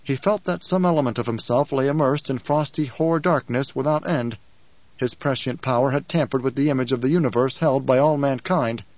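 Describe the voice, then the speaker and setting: A man narrating an audiobook in a measured, solemn storytelling manner. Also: mid-range voice, darkish tone, no room sound. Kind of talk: scripted narration. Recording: dull lo-fi audiobook recording.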